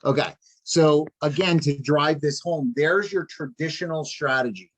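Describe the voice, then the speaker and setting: A man's voice: a little high, unhurried. A man leading a live online sales training session, repeating key points emphatically and checking in with his trainees.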